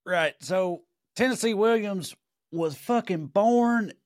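A man with a Southern American accent co-hosts a casual podcast, spinning rambling, profane, jokey stories. His voice sits a bit high. The recording is close and dry. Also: lively intonation, slow pace, dry recording. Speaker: podcast co-host. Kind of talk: casual comedic chat.

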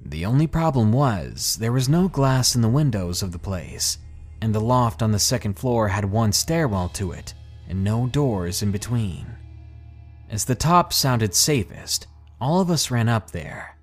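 Low-voiced man narrating a horror story. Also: animated, faint music behind. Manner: measured, dramatic storytelling delivery. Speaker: podcast narrator.

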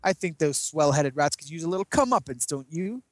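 A man's voice: a little high, expressive, fairly quick, no echo, studio quality, natural voice. A man voicing a bratty, scheming young female villain who sneers and taunts. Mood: sneering.

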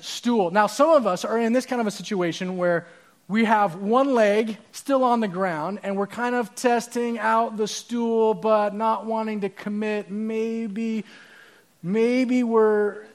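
Delivering a conversational sermon, a pastor with a fairly high voice addresses the congregation using props and quick asides.

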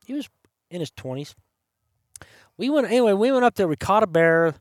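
A man with a fairly high speaking voice tells a hunting story in a relaxed podcast chat, slipping into the voices of the people he quotes. The sound is dry and close, with no room around him. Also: fairly quick, no room sound. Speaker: podcast host. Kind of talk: casual storytelling. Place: campside.

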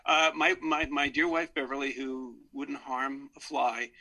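A man in casual panel chat, stuttering through restarts and quick to laugh. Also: medium pitch, flat delivery, pushed and bright, poor audio.

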